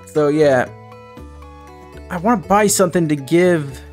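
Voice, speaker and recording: A man's voice: fairly high pitch, unhurried, a little mellow, soft background music. A young man giving rambling, chatty let's-play commentary as a gaming host. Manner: rambling, chatty, self-correcting.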